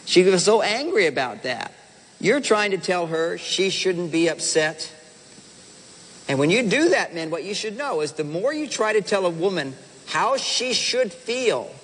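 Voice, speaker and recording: A man with a fairly high voice addresses a live audience in a big hall, his words trailing into a long reverb. He talks in an animated, playful way, slipping into the voices of husbands and wives to make his point. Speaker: relationship speaker. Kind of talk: seminar talk to a live audience.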